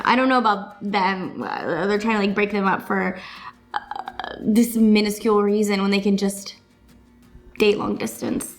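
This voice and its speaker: A vlogger talks through a recap of a TV episode in a mid-range, slightly bright voice. Her casual chatter is packed with fillers like "like" and "you know."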